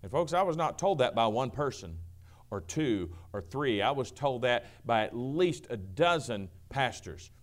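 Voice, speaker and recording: Preacher with big swings in volume. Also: male voice, sing-song, measured pace. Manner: swings from booming to hushed, acts out quotes. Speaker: pastor. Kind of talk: sermon.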